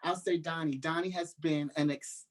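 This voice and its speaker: Man, gospel singer, radio interview guest; animated storyteller. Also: normal speed, crowd noise. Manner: animated storyteller, acts out quotes in a high voice. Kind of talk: casual interview talk.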